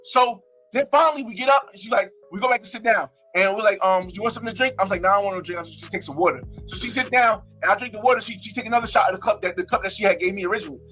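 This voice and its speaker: Brash fast-talking young man from New Jersey. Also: high voice, sharp tone, soft background music. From North New Jersey. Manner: brash, repetitive, acts out his own quotes. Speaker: live streamer telling a story. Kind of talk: casual storytime.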